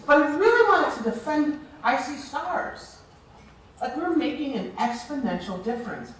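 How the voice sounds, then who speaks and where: Woman speaker telling a story on stage, expressive, with long pauses; heard from a distance in a big echoing hall. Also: on the high side. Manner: expressive, slow and deliberate with dramatic pauses. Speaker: keynote speaker. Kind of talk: storytelling speech to an audience. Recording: very echoey hall, distant mic.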